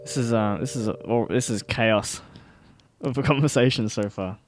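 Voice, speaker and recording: A man's voice: mid-range voice, moderate pace, no room sound. A man co-hosting a podcast in casual chat, rambling and easily sidetracked, often laughing as he talks. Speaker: podcast co-host.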